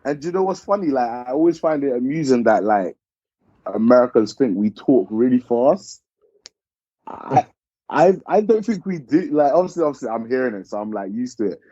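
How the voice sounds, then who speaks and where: A man with a South London accent talking in a relaxed, slangy way as a podcast guest. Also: mid-range voice, moderate pace, dry recording, muffled recording. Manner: relaxed, uses slang like "innit". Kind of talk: casual chat.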